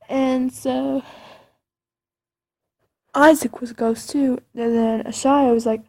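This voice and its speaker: Woman storyteller, high and husky, slow rambling spooky tale. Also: steady tone, warm tone. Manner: rambling, dramatic with creepy asides.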